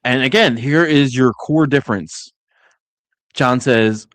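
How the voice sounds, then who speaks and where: Animated man, dry podcast mic. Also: medium pitch, measured pace, dry recording. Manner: animated, acts out quotes in voices. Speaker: podcast co-host. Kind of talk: casual review chat.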